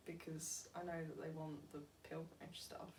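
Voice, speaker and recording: A young woman in casual conversation, dry and teasing, quick to laugh. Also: deep voice, flat delivery, darkish tone. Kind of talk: casual chat. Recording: roomy, distant mic, faint noise.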